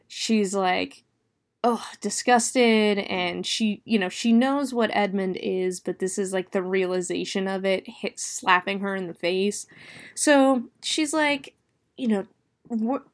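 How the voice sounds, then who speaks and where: Chatty woman recapping a horror novel. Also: medium pitch. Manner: chatty, with many "like" and "you know" fillers; expressive, dwelling on gory detail. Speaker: book reviewer. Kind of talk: casual plot recap.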